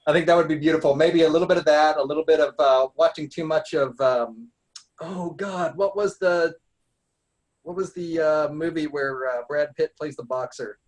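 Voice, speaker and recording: Husky-voiced eager man chatting. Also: on the high side, normal speed. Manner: eager, chatty, laughs often. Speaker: larp player. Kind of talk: casual video call chat.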